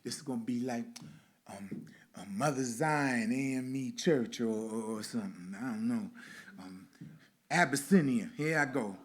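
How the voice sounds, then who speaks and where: In a mid-range voice, a male reverend guides a meditation as part of his sermon at a spiritual center, pacing his words slowly and rhythmically with recurring phrases.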